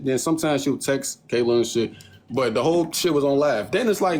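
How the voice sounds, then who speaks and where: A young man with a fairly high voice talks briskly as he livestreams from his phone. He tells a lively, offhand story, swears a lot, and performs other people's lines in mocking tones.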